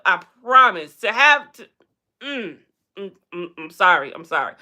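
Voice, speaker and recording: A woman's voice: very animated, moderate pace, sharp tone. A woman hosting a casual live stream, chatting bluntly and sassily about celebrity and reality TV gossip and calling out to viewers. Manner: sassy and blunt, with big pitch swings. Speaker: livestream host.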